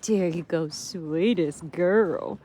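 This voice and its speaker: A woman's voice: on the low side, takes it slowly, mellow, slight background noise. A woman, cooing affectionate baby talk to cows outdoors on a farm, recorded on a handheld phone. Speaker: farmer. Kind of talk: casual talk to animals.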